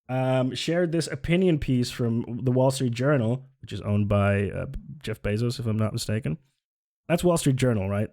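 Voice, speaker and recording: A man's voice: medium pitch, a little mellow. A young man streaming casual political commentary, sarcastic and sweary, laughing often and reading chat aloud.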